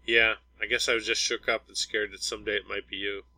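A man voicing a frightened young woman pilot who speaks softly and shakily. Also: lowish voice, level tone, brisk, dry recording, exaggerated voice. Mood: scared. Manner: soft, shaky.

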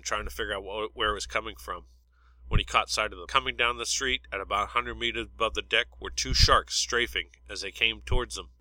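Man reading a story, bright dry voice. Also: lowish voice, dry recording, low-quality recording. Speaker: narrator. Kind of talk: read-aloud story narration.

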